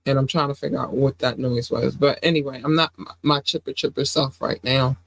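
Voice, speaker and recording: A woman hosting a casual livestream podcast while under the weather, low on energy, talking in an affectionate, rambling way with lots of fillers. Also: fairly even intonation, fairly quick, low-quality recording. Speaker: podcast host.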